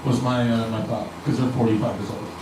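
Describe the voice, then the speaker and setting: A man's voice: mid-range voice, flat delivery, fairly quick, noisy background. A male stand-up comedian rambling through a profane set, doubling back and restarting his sentences, in a comedy club. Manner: rambling and self-interrupting, profane. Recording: echoey club room from a distant mic. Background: crowd ambience.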